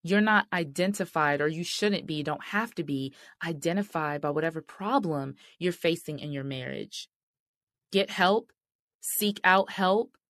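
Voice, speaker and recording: On her faith-based marriage podcast, a middle-aged woman talks straight to her audience in a fairly low voice, earnest and direct, addressing them as "y'all" and "sis." The sound is dry and clean, like a studio.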